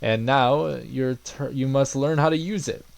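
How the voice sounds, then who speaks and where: A man voicing a stern adult male knight instructor in a tabletop game, giving calm, instructive commands. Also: medium pitch, a little slow, gravelly, no room sound.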